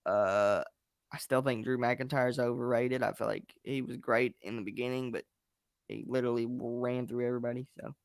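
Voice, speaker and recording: A man's voice: medium pitch, gravelly, a little mellow, no echo, studio quality. A young man hosting a wrestling review show, speaking frankly and with blunt emphasis as he vents and shares opinions. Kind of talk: casual chat.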